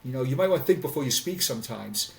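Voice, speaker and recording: A man's voice: medium pitch, lively intonation, fast talker, gravelly, background noise. Earnest older man, a bit off-mic. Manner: earnest, stammers and repeats words when starting sentences. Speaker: podcast guest, retired police officer. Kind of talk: candid storytelling in conversation. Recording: voice distant from the mic.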